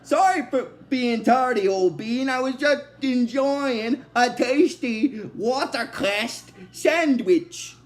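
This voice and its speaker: A man's voice: extremely high pitch, slow pace, few pauses, voice pushed up. A man quoting a male robot crook who fakes a posh British accent, in a mock-posh lilt. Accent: British put-on.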